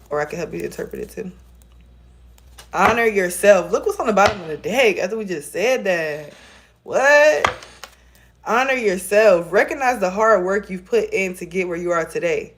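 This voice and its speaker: A woman giving a casual tarot reading to her viewers, chatty and encouraging, calling them y'all, recorded on a phone camera. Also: lowish voice. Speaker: tarot reader.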